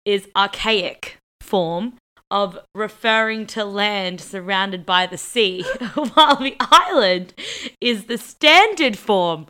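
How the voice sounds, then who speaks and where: A young woman with an Australian accent chats casually as a podcast co-host. Her voice is bright and crisp, and she teases and laughs easily. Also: medium pitch, slow pace. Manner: laughing, teasing, chatty. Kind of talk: casual chat.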